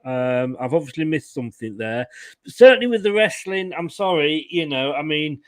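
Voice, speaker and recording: Brief: male host, slightly higher voice, loose and jokey, self-correcting ramble, dry room. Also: lively intonation, moderate pace, no echo. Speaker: fan channel show host. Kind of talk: casual chat.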